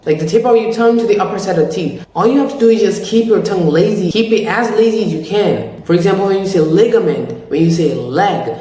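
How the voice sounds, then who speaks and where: A woman giving a casual pronunciation tutorial, blunt and mocking, stretching out sounds slowly to demonstrate them. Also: medium pitch, mellow, slight background noise. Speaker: pronunciation coach. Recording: very echoey room.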